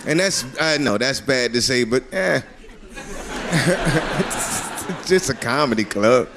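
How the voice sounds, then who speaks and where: A man doing a stand-up routine in a comedy club, rambling loosely and breaking into shouted high-pitched bits. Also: expressive, slow, crowd noise. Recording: live club recording with audience laughter and noise.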